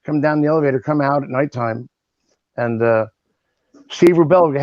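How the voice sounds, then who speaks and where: Man, 60s, interview guest, animated storyteller, dry close sound, muffled video-call audio. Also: medium pitch, moderate pace, no echo. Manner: animated, acts out voices in his stories. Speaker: guest, original cast member. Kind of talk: anecdotal storytelling.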